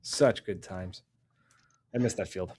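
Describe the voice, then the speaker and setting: His voice sits low and his pace is measured, with slight background noise, as he hosts a casual podcast. The stories come alive through his frequent laughter and acted-out characters.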